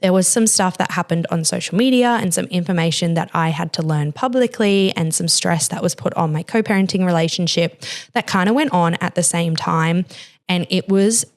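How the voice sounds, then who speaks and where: A woman's voice: fairly low pitch, moderate pace. A young woman hosting a podcast, speaking candidly and emotionally, with many "like" fillers. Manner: emotional, confessional, heavy use of "like". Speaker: podcast host. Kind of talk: candid personal podcast talk.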